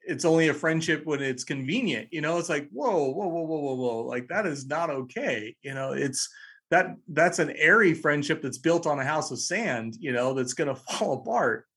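A man's voice: a little high, animated, normal speed, fairly bright tone, slightly rough. A man hosting a casual conversation, reflecting thoughtfully on the topic.

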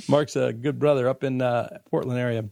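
A man's voice: mid-range voice, steady tone, a little slow, creaky, warm tone, no echo, clean studio sound. A man hosting a faith podcast, talking casually and reading listener emails aloud in a reflective, earnest way. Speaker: podcast host.

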